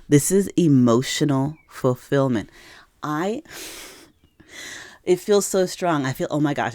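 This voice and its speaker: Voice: mid-range voice, animated, measured pace, no room sound. A tarot reader giving an intuitive reading to camera, speaking in an earnest, encouraging way to the viewer and often restarting or repeating phrases mid-thought. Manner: gentle, encouraging, talks to the viewer as "you".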